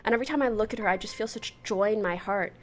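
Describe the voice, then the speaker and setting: A young woman streaming casually, telling a story in a chatty, animated way and swearing freely. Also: medium pitch, very fast, a little hiss or hum. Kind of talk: casual livestream chat.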